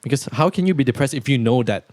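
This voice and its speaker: A young man hosting a podcast, talking in a relaxed, rambling way with lots of fillers. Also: mid-range voice, fast talker, no echo. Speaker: podcast host. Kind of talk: casual podcast chat.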